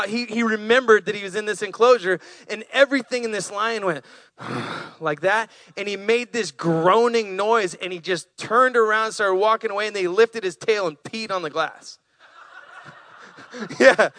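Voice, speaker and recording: A man with a high, bright voice preaches through lively stories. He acts out animals with playful voices for his listeners. The sound is dry and close. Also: no room sound. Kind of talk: storytelling sermon.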